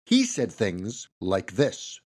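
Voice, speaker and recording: A man's voice: lowish voice, huge pitch swings, takes it slowly. Playful male podcast host. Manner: playful, wry asides. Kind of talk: scripted podcast narration.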